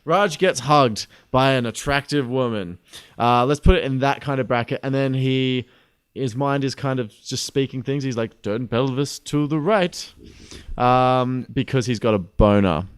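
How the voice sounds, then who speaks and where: Smooth-voiced wry young man. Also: medium pitch, no echo, studio quality. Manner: mocking, wry, halting. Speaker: podcast co-host. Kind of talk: casual comedic chat.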